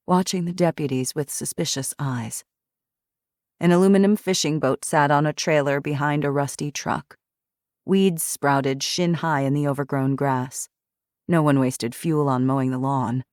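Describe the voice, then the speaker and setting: A woman narrating an audiobook in a measured, steady storytelling manner. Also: sits low, no echo, clean studio sound.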